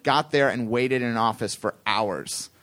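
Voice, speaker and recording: A man telling a long, self-deprecating anecdote on a live theatre stage, rambling and slipping into quick impressions of other people. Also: medium pitch, a bit bright. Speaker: comedian guest telling a story.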